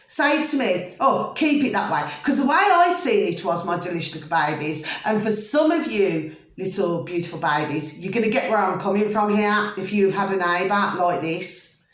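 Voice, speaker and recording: A woman ranting to her viewers in an animated monologue, full of repeated "I said" and fond pet names for her audience. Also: mid-range voice, echoey room. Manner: animated, repeats "I said", calls viewers "my delicious little babies". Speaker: vlogger.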